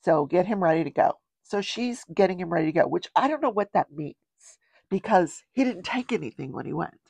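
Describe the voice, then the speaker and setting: Older lady rambling through a trial recap, gravelly husky voice, dry close sound. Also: on the low side, lively intonation, brisk, darkish tone, no room sound. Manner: chatty, rambling, with wry asides. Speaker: true-crime show host.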